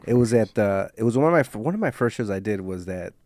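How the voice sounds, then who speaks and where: A man's voice: fairly low pitch, animated, quick pace, a little mellow, no echo. A man hosting a podcast and trading comedy stories in casual chat, often stopping and restarting his sentences.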